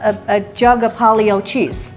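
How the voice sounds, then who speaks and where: A woman's voice: on the high side, measured pace, faint music behind. Chatty woman chef telling a story. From New York. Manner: chatty, animated storyteller acting out quotes. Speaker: chef and cooking show host. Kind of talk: casual storytelling chat. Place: client's home kitchen.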